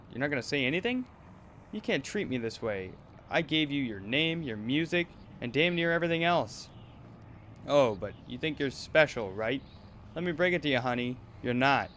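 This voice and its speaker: A bullying, abusive talent manager from a game, berating and menacing, as a man voices him. His voice sits at an ordinary middle pitch. A faint noise runs underneath. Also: fairly bright tone, lightly acted. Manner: berating, menacing, then wheedling.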